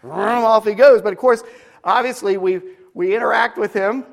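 Preacher, male, fairly high voice, earnest and emphatic sermon delivery with stories. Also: normal speed, vocal fry.

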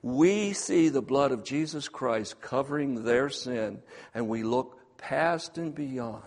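A man preaching a sermon, swinging between hushed, quiet passages and loud, emphatic ones. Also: mid-range voice, animated, takes it slowly, long reverb tail.

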